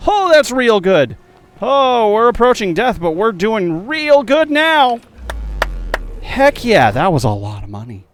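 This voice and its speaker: A young man playing a video game and commenting, excitable, jumping from loud yelps to quiet muttering. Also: sits high, unhurried. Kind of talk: let's play commentary.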